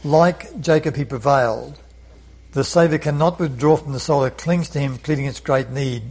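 A man's voice: fairly high pitch, normal speed, darkish tone, husky, poor audio. A man leading a Bible study lesson, earnest, often repeating words and asking rhetorical questions.

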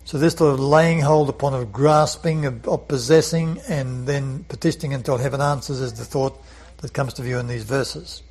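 A man's voice: mid-range voice, steady tone, normal speed, a little mellow, husky, low-quality recording. A man leading a Bible study lesson, earnest, often repeating words and asking rhetorical questions.

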